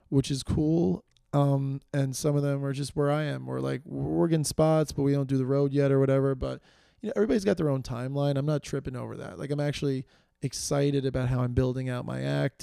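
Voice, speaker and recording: A man's voice: medium pitch, vocal fry, dark tone, clear, resonant tone, no room sound, clean studio sound. A man from New York hosting a solo podcast, rambling with lots of fillers and self-deprecating asides, tired as he goes. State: tired, fading energy. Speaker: podcast host.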